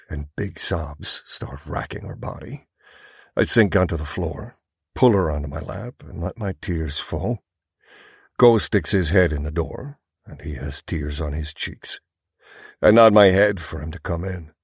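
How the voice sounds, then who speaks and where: Gravelly low-voiced male narrator. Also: no echo, studio quality. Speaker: audiobook narrator. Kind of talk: first-person romance novel narration.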